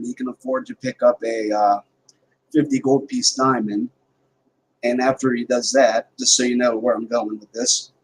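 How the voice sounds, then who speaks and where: A man's voice: medium pitch, rough recording. A man at a tabletop game, matter-of-factly laying out what his character will do next. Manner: matter-of-fact, laying out plans. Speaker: player.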